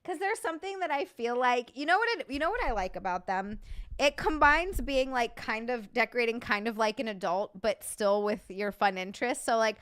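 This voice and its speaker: Bright, chatty woman livestreamer. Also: a little high. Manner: chatty, swears freely, reads and thanks viewers; animated, sarcastic jokes. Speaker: livestream host. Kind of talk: casual live-chat stream.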